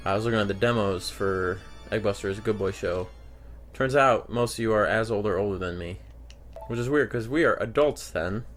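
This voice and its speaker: Young guy doing deadpan game commentary, rambly and dry, faint music under it. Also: lowish voice. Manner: dry, rambling, jokey asides. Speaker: gaming video host.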